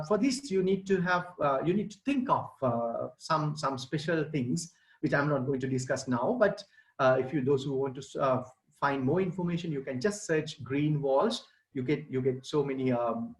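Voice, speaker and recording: A man's voice: medium pitch, poor audio. A middle-aged man, giving an online presentation as a gardening expert and explaining things to children and parents.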